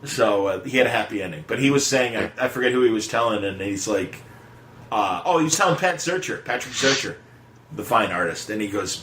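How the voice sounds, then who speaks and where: A man's voice: fairly low pitch, lively intonation, brisk, a bit bright, slight background noise. A man hosting a podcast, telling trivia in a rambling, digressive casual chat. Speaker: podcast host. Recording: echoey room with faint music.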